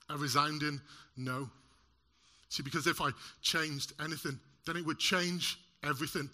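A man preaching a sermon to a congregation in an animated way, using props and joking with the listeners. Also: on the high side. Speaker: lay preacher. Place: church service in front of a congregation.

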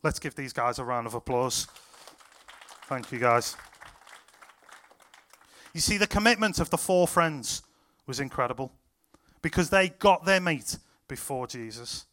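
A young man preaching to a youth group, retelling stories with excited, animated quotes. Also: mid-range voice, measured pace, pauses often. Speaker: youth pastor. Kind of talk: sermon storytelling to a youth group.

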